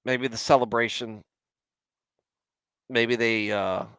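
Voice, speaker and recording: A man's voice: mid-range voice, steady tone, slow, a bit bright, smooth, no echo. A man hosting a casual livestream Bible commentary, rambling with many restarts and stopping to chat with viewers. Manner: chats with live viewers. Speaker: host.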